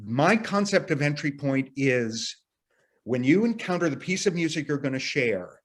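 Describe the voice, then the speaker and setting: A man's voice: fairly high pitch, animated, moderate pace. A man leading an arts workshop, explaining ideas earnestly in a casual teaching voice, sometimes restarting sentences as he thinks aloud. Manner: casual phrasing with occasional mild profanity. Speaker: workshop leader. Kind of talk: teaching talk to workshop participants.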